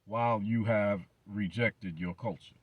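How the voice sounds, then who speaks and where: A man's voice: fairly low pitch, steady tone, unhurried, no room sound, phone-quality sound. A man hosting his channel, delivering a blunt, profane commentary rant full of emphatic repetition. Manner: blunt, emphatic, heavy swearing, repeated words. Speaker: channel host.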